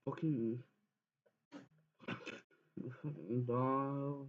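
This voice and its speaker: A young man streaming a game, swearing constantly and breaking into sudden loud outbursts. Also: mid-range voice, animated, slow pace, gravelly, long pauses. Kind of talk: casual game stream commentary. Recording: tinny phone-like sound.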